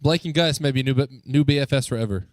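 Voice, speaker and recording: Upbeat youth pastor, dry sound. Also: male voice, mid-range voice, no room sound. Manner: upbeat, joking, coaxing the crowd with quick questions. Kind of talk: lively talk to a youth group. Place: church youth room.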